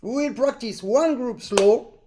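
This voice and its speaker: Man, accordion teacher, high voice, non-native English, sings syllables to demonstrate, video call. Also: measured pace, noisy background. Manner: explains with sung syllables to demonstrate phrasing. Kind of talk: live online master class.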